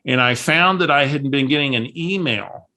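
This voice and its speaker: This male real estate coach, speaking on a call, animatedly narrates a tale while imitating each person in it. He talks at normal speed with a mid-range voice.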